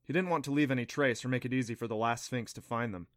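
A male narrator reading an adventure audiobook at a mid pitch, steady and clear. The sound is dry and close, with no room echo at all. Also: fast. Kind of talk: scripted narration.

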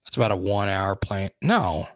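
A man's voice: deep voice, animated, normal speed, a bit bright, dry recording. A young adult man hosting a casual sports talk show, rambling and thinking aloud, openly frustrated.

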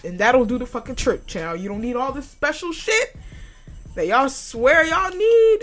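Woman podcaster, AAVE, lively swooping pitch, fairly high voice, crude and laughing, faint music behind. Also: a little slow. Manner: profane, loud, laughs a lot, yells mid-story. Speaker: podcast host. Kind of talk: casual comedic monologue.

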